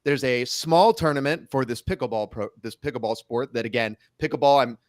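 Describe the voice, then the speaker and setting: A man's voice: mid-range voice, fairly quick, no room sound, clean studio sound. A man as a guest on a talk show, answering casually and hesitantly. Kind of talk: casual conversation.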